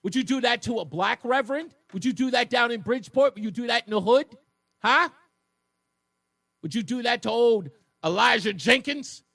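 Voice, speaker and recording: A man's voice: very high-pitched, expressive, moderate pace, gravelly, fairly bright tone, no echo. A male talk radio host giving an emphatic, mocking monologue that repeats its points from a studio.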